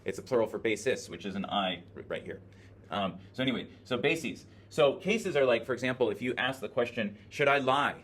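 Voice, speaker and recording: A man's voice: medium pitch, animated, a little fast, a bit bright. A man teaching a classroom lecture, explaining ideas while thinking aloud with many filler words, recorded by a camera in the room. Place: classroom with a screen. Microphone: video camera in the classroom.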